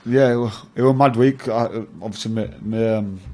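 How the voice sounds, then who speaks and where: Chatty young English rugby player. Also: male voice, medium pitch, fairly even intonation, fairly quick, a little mellow. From England. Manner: rambling, laughs often, swears, says mate. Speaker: rugby league player, guest. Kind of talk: casual interview chat.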